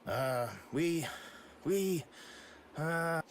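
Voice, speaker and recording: A stammering pirate grunt. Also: male voice, on the high side, extremely slow, slight background noise. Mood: flustered. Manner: stammering, hesitant. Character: flustered male sky pirate grunt, cowed. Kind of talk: video game dialogue.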